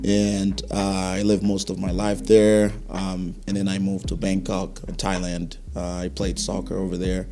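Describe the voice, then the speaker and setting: A man from Cameroon, a fashion business owner talking as a guest in a casual interview, friendly and measured with some hesitation. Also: deep voice, completely flat delivery, vocal fry, over music. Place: local talk show studio.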